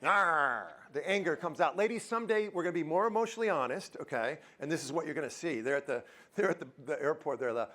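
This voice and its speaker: A man's voice: fairly high pitch, fast talker. A man giving a live motivational talk in a university auditorium, joking and quizzing the audience. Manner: lively, jokey, quizzes the crowd. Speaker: motivational speaker.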